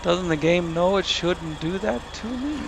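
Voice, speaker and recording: A man's voice: high voice, unhurried, vocal fry, heavy background noise. A man giving wry, casual commentary over a driving game, muttering to himself and talking back at the screen. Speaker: gaming commentator. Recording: loud truck engine game audio.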